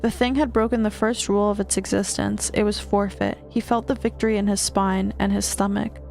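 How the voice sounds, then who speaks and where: Woman streamer, reading horror aloud, gravelly voice, little stumbles, faint music behind. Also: medium pitch, brisk. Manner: steady reading with small stumbles and restarts.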